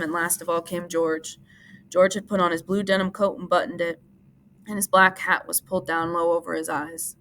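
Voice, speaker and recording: A teacher reading a novel aloud in plain, steady narration. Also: female voice, fairly low pitch.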